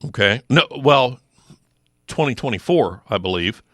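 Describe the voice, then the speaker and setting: Middle-aged guy in a studio chat, bright voice, dry close mic, keeps firing rhetorical questions. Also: mid-range voice, expressive, unhurried, no echo. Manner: emphatic, with rhetorical questions and frequent restarts. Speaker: sheriff's office lieutenant, regular guest. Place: radio studio.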